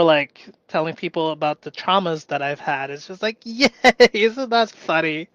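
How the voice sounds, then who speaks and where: Man, solo live stream, slow unhurried talk, thinks aloud with pauses and restarts, bursts of cheering, dry close sound. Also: fairly high pitch, clear, resonant tone, no room sound. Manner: slow and musing, with sudden bursts of excited cheering.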